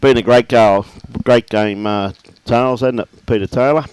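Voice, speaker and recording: A man's voice: mid-range voice, measured pace, darkish tone, a little hiss or hum. A man commentating live lawn bowls, chatty and jokey, reeling off scores and bantering with his co-host. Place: bowls club.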